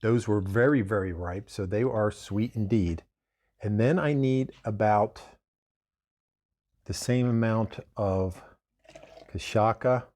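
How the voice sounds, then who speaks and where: A man's voice: fairly low pitch, slow pace, pauses often, darkish tone. A man hosting a casual cocktail demonstration, talking in a chatty, digressive way and correcting himself as he goes. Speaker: bartender host.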